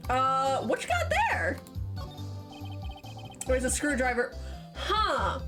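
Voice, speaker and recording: A woman streamer chatting casually and playfully while reading game dialogue aloud. Her voice sits slightly high and moves with a lot of liveliness. Game music plays clearly behind her. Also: sing-song, slow pace. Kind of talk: casual let's-play commentary.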